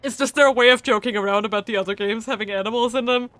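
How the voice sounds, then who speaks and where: Giggly excitable young woman streamer. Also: a little high, quick pace, no echo. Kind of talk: casual game-stream commentary.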